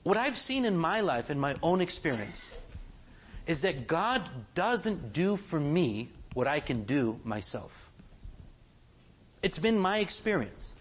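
Animated man preaching a sermon. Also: on the high side, a little hiss or hum. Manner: animated, asks the congregation many questions.

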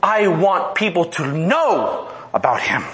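A middle-aged man pastor preaching a humorous, animated sermon, repeating himself and dropping low and slow for emphasis. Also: slight background noise.

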